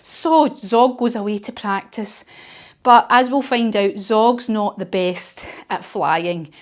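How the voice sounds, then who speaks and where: A woman's voice: medium pitch, slow. A woman telling a story while leading a children's yoga class, playful and encouraging. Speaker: kids yoga teacher.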